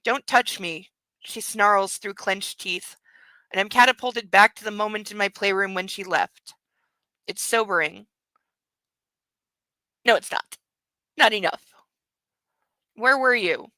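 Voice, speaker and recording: A woman's voice: mid-range voice, unhurried, long pauses, bright, forceful tone, no room sound, poor audio. A woman hosting a book club, reading a novel aloud and breaking off with mocking, laughing commentary. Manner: mocking asides between read passages; laughs often.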